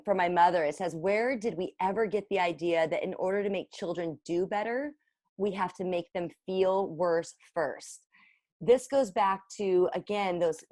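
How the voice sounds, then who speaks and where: A woman's voice: fairly low pitch, no echo, studio quality. A woman in her forties, a parent coach, giving an earnest, encouraging workshop presentation with slides. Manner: earnest, encouraging, repeats for emphasis.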